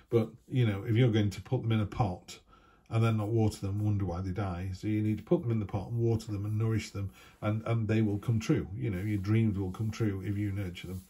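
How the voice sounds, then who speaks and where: A man's voice: fairly low pitch, warm tone, a little hiss or hum. A man giving a chatty, rambling tarot reading full of asides. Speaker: tarot reader.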